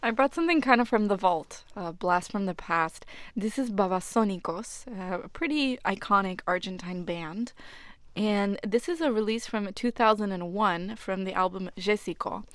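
A woman's voice: mid-range voice, normal speed, dry recording. A woman co-hosting a music radio show, chatting casually and enthusiastically as she explains songs and slang.

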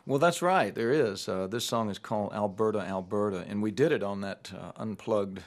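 A man, a guest musician, telling a story in a relaxed, unhurried way, full of fillers and restarts. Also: lowish voice.

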